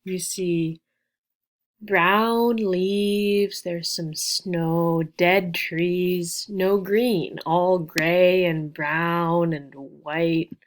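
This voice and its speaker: In a lowish, steady voice, a woman from the United States teaches beginner English as an ESL teacher. She's slow, patient and encouraging, spelling out sounds and praising her learners.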